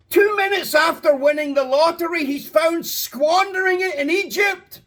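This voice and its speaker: Preacher, male, very high voice, slow impassioned delivery that swells to shouting. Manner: slow, drawn-out emphasis. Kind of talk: sermon.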